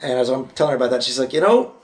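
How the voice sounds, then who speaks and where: A man on a podcast, casually telling convention anecdotes in a relaxed, rambling way. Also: medium pitch, very fast. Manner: anecdotal, relaxed storytelling with fillers. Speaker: podcast co-host. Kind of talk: casual convention recap chat.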